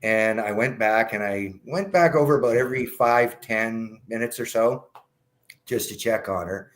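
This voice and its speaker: A middle-aged man, a radio show guest, telling a personal story in a blunt, candid way, swearing freely. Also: normal speed. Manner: candid and blunt, swears, acts out dialogue with rising pitch. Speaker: guest, cannabis patient advocate.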